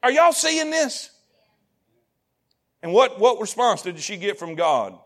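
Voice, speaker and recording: A man preaching a sermon in a church, animated, repeating lines, shouting at times and asking the congregation questions. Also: extremely high pitch, normal speed, long pauses. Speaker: pastor. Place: church sanctuary.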